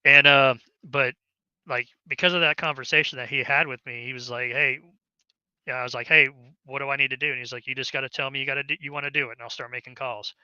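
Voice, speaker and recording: A man's voice: medium pitch, steady tone, fast talker, sharp tone, smooth, no room sound, lo-fi sound. A middle-aged man, a veteran guest, telling his service story in a casual, rambling way, full of fillers and restarts, acting out the dialogue he quotes. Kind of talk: casual oral-history storytelling.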